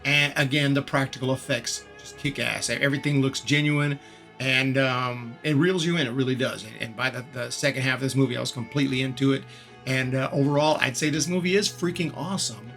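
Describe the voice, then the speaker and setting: Bright-voiced man rambling through a review. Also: medium pitch, fairly even intonation, a little fast, soft background music. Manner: frank, rambling, repeats words as he thinks aloud. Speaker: movie reviewer, channel host. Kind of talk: casual spoken movie review.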